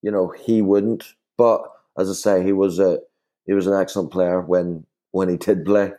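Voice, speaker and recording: A man speaks in a low, mellow voice. He is a former player recalling his club days in casual conversation. He rambles and restarts often, leaning on "you know.". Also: flat delivery, normal speed. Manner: rambling with many fillers and restarts. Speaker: former footballer guest. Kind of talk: casual podcast chat.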